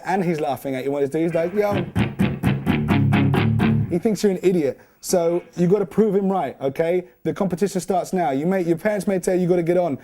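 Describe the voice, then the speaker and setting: A chatty man in his twenties teaches guitar with cheeky asides, counting triplets and scatting strum patterns aloud. His voice sits a little high for a man. Loud guitar playing runs right under his talk. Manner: jokey, chatty, counts and scats rhythms aloud. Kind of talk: casual guitar lesson.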